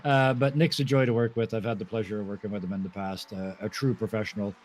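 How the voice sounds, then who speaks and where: A man's voice: lowish voice, fairly even intonation, fast, a little mellow, low-quality recording. A man from Canada commentating a sim race live, chatty and laughing often.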